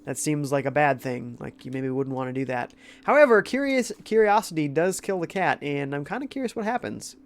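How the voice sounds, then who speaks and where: A man's voice: on the high side, very animated, fairly quick. A young man with a congested, sick-sounding voice, casually chatting while playing a game and reading out viewer comments. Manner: laid-back, reads chat aloud. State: congested from a cold. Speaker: game streamer.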